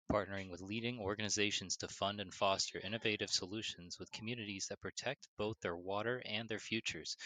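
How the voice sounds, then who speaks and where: A man co-hosting a podcast, reading a sponsor ad in a steady, matter-of-fact way. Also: on the low side, no echo. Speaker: podcast co-host. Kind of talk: sponsor read.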